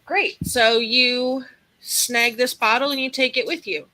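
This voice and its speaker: A woman's voice: on the high side, fairly even intonation, unhurried, sharp tone, poor audio. A woman game master narrating a tabletop role-playing session in an easygoing, encouraging way.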